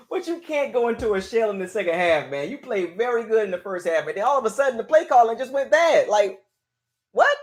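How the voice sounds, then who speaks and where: A man's voice: high-pitched, sing-song, fast, few pauses. A man hosting his own channel, ranting in frustration as he reacts live to a game. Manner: frustrated, exasperated, repeats "man" and "dog". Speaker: sports fan channel host.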